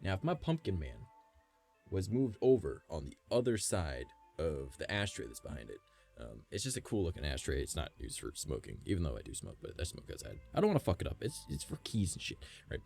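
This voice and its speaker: A man's voice: very deep voice, sing-song, brisk, gravelly, a little mellow, breathy edge, soft background music. A man streaming live from home, chatting loosely with his chat, rambling through wild theories and swearing freely. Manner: rambling, swears a lot, speculative. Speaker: livestreamer.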